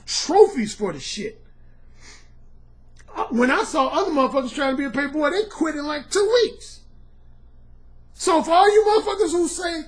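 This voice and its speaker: A man coaching on dating, delivering a heated, profane rant to camera with combative, repetitive challenges and frequent shouting. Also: extremely high pitch.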